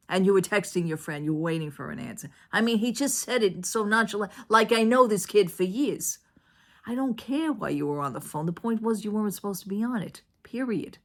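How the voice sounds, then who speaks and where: A woman telling a story in a casual home vlog, indignant and retelling it with lots of "I says". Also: fairly low pitch. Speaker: vlogger. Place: at home, living room.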